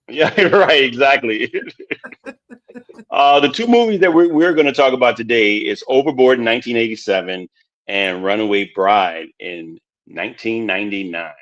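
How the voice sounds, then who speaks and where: A man's voice: mid-range voice, normal speed, a bit bright. Guy hosting a movie podcast, rambly, keeps stumbling over words, kinda muffled sound. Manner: rambling, laughs often, repeats words. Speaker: podcast host. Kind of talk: casual chat. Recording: dull lo-fi sound.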